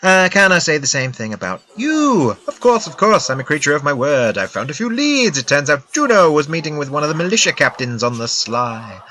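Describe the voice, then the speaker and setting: A man voicing a scheming male alien fixer from a space game, in a smooth, wheedling dealmaker tone. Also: on the high side, big pitch swings, a little fast, hardly any pauses, pushed and bright, slight background noise.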